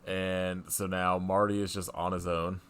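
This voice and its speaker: A man's voice: sits low, flat delivery, a little slow, a bit bright, clean tone. A man co-hosting a podcast, recapping a movie in a casual, wry, rambling way with lots of fillers. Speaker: podcast co-host.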